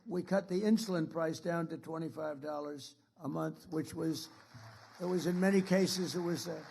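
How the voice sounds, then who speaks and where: A man's voice: on the high side, vocal fry, a little mellow, husky. A man speaking as president, giving a rambling, repetitive and boastful political speech to an audience in an indoor room.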